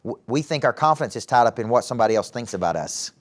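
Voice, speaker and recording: A middle-aged man with a Southern US accent leads a live motivational session for young people. He speaks at an ordinary mid pitch, with an animated delivery, and keeps turning to the audience with questions. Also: fast talker. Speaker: motivational speaker and former coach. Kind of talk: live talk to a youth audience. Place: event hall with a live audience.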